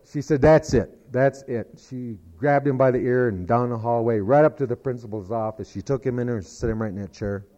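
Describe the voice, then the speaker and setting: A man's voice: medium pitch, fairly quick, few pauses, mellow, dull audio. A man telling a long joke in a folksy, rambling way, full of "he said" asides. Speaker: storyteller.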